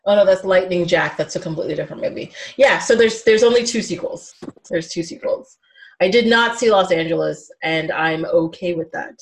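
A woman co-hosting a casual movie chat, talkative and laughing often, dropping into quiet asides. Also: fairly low pitch, fairly quick. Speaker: podcast co-host.

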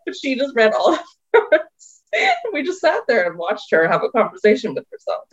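A woman's voice: fairly high pitch, huge pitch swings, normal speed. A woman in casual podcast chat about films and plays, wry and dryly joking. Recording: dull lo-fi sound.

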